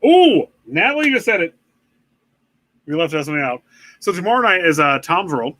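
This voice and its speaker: Man, bright tense voice, casual rambling co-host, lots of swearing and ums. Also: on the high side, big pitch swings, normal speed, rough recording. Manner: rambling, swears a lot, trails off with fillers. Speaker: podcast co-host. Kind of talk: casual live-stream chat.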